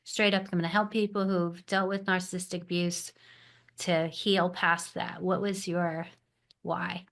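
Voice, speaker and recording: A woman's voice: lowish voice, level tone, unhurried, gravelly, fairly bright tone. Woman host asking questions. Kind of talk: podcast interview.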